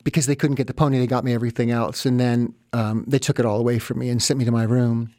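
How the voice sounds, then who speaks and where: A man telling a comic story about his childhood in a sardonic, exaggerating, deadpan way, close to the mic. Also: medium pitch, fast talker, dry recording.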